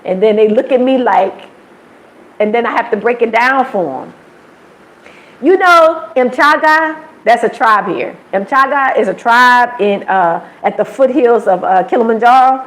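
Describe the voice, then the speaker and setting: A woman with an American accent chats through a live stream in a slightly high voice. She tells stories in a lively way, mimics the people she quotes, and breaks into laughter often. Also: normal speed, low-quality recording. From United States. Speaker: livestream host. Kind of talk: casual livestream storytelling.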